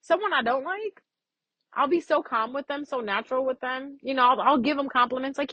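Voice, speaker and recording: A woman's voice: high-pitched, a little fast, fairly bright tone, dry recording, dull audio. A woman giving a casual, frank astrology reading as a vlogger, chatty and freely swearing.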